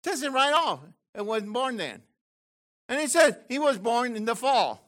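An older man teaching from the Bible in an excited, exclamatory way, with bursts of shouting. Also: very high-pitched, a little slow. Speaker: preacher.

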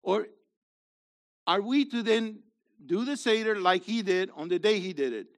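A man's voice: sits high, unhurried. A man leading his congregation in a sermon, asking them questions and building to emphatic, rhetorical peaks. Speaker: messianic congregation leader.

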